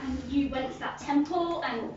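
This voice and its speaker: A woman's voice: sits high, moderate pace, highs cut off, a little hiss or hum, close to an everyday voice. A woman playing a frantic, scolding follower. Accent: English, Liverpool. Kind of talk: live stage sketch comedy. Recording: echoey distant room recording with audience.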